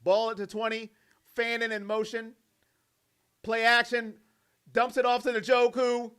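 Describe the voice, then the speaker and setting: A young man with a high, bright voice calls a football game play by play as an excited fan. He rattles off formations and handoffs, then jumps into jokey, animated asides. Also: measured pace, clear, resonant tone. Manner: animated, jokey, mimics players in quoted voices. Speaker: fan commentator.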